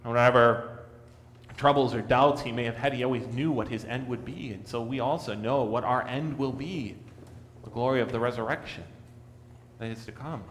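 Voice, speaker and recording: An earnest male pastor delivers a sermon, rising in volume for emphasis and falling to a quiet hush. His voice sits at a middle pitch. The sound carries the long reverb of a church sanctuary. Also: normal speed, a little hiss or hum.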